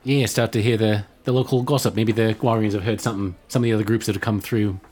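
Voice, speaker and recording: A man playing in a tabletop game, tossing in quick joking asides. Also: on the low side, steady tone, darkish tone. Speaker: player.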